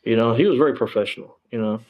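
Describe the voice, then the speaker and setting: A man's voice: medium pitch, rapid-fire, muffled recording, slight background noise. A man, a former police officer telling his story in a casual interview, rambling with lots of fillers and frank swearing.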